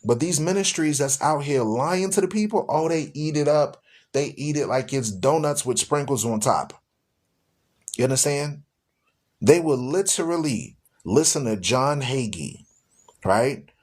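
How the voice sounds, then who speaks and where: Male host, preachy and emphatic, voice sits fairly high. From United States. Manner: emphatic, rhetorical, repeats questions. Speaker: radio show host and Bible teacher. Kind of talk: preaching talk show.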